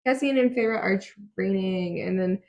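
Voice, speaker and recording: A woman's voice: medium pitch, moderate pace, a little mellow, highs cut off. A young woman casually recapping book chapters for a podcast, acting out the characters' lines with lots of ums and the odd swear. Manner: retells scenes in quoted voices, frequent ums, swears casually. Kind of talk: casual book-club chat.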